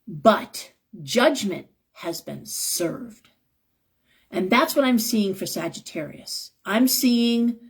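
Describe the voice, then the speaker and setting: A woman's voice: mid-range voice, expressive, unhurried, breathy edge. A middle-aged woman giving a live tarot reading, talking in an impassioned, emphatic, rambling way. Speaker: tarot reader and shop owner. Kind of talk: live-stream tarot talk.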